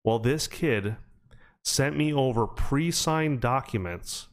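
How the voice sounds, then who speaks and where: A man's voice: mid-range voice, slow. A man hosting a podcast, telling stories in a casual, rambling way with plenty of fillers. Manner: rambling storytelling with many fillers. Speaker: podcast host. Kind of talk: casual chat.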